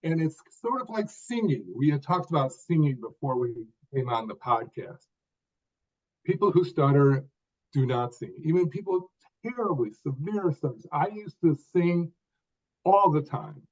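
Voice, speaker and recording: An older man tells his story as a podcast guest, speaking in short deliberate phrases and leaning on key words. His voice sits a little high for a man. The audio is dull and lo-fi, as if from a video call. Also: lively intonation, a little mellow. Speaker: guest author.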